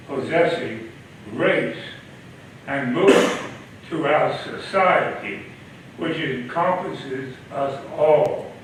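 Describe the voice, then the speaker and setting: A concerned citizen speaking to a town council through a face mask, muffled and measured, with halting pauses. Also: male voice, fairly high pitch, a bit bright, slight background noise. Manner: slow, measured, halting delivery. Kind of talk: formal public comment. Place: large echoey council chamber. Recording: echoey chamber audio from far off.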